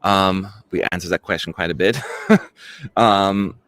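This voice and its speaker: A man's voice: deep voice, a little slow, a bit bright, no echo. A man hosting a casual live stream, gushing emotionally and moving the chat along with viewer questions. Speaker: stream host.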